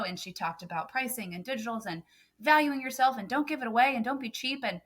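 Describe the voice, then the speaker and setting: A woman's voice: on the high side, quick pace, a bit bright. A woman photographer on a podcast, talking earnestly and emphatically with many "um" fillers. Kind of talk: casual podcast chat.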